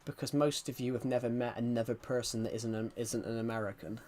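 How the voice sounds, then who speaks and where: A man's voice: mid-range voice, steady tone, quick pace, a little mellow, slight background noise. A man with a thick West Country accent, chatting casually to viewers on a live stream, rambling and repeating himself as he talks. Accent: West Country English. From rural England. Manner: rambling, repeats phrases, keeps addressing viewers as guys.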